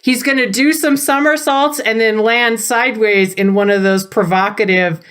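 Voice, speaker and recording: A woman's voice: a little high, fairly even intonation, moderate pace, fairly bright tone, clean tone. A woman on a podcast, telling a story in a playful, giggly way. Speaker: podcast player.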